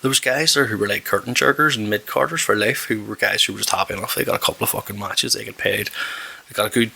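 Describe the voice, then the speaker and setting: A man's voice: lowish voice, fairly even intonation, fast, creaky, pushed and bright, breathy edge. A man from West Belfast with a Northern Irish accent, chatting casually and profanely as a podcast host, rambling and restarting his sentences. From West Belfast, Northern Ireland. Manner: rambling and profane, self-correcting, with repeated restarts. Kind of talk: casual chat.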